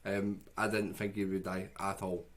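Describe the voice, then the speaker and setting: A man's voice: deep voice, little pitch movement, moderate pace. A man giving an enthusiastic, chatty film opinion on a casual podcast, teasing his friends. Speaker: podcast co-host. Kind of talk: casual film review chat.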